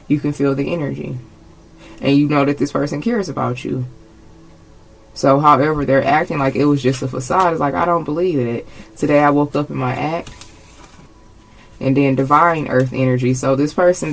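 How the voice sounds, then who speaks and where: A woman's voice: low-pitched, low-quality recording. A woman giving a casual tarot reading, blunt and emphatic, swearing freely and repeating her phrases. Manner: emphatic, gets agitated. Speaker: tarot reader.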